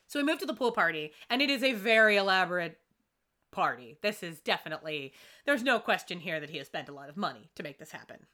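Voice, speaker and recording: A woman co-hosting a podcast talks fast in a lowish voice as she recaps an episode in casual chat. She's animated and acts out the characters' lines in quotes.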